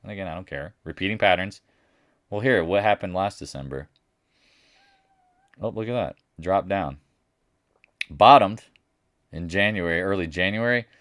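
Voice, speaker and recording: A man doing a live market chat, blunt and brash, swinging between loud remarks and muttered asides, and mocking other people in a higher voice when he quotes them. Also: normal speed, pauses often, dry recording, studio quality. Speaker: market commentator.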